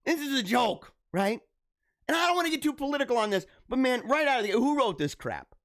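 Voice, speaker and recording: Young male host, lively casual reaction commentary; swoops up and down in pitch, laughs a lot, repeats himself. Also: a little fast.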